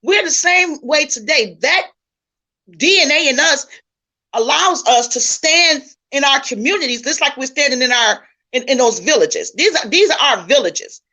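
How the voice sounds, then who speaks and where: A woman's voice: sits high, animated, normal speed, pushed and bright. A woman host speaking earnestly in a casual conversation, often restarting her sentences. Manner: affirming, earnest, with frequent restarts. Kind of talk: casual talk.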